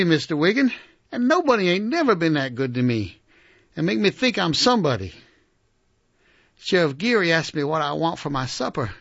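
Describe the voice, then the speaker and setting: A man with a gravelly, husky voice, reading first-person audiobook narration in character with a halting, earnest, plain-spoken delivery. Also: high voice, a bit bright, no echo. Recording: dull lo-fi recording.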